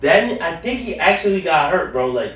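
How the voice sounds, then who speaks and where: An excitable man co-hosting a podcast, talking in slang and stumbling over repeated words. His voice rings in an echoey room, set back from the microphone. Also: on the high side, brisk, far from the mic. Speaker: podcast co-host. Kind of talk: casual chat.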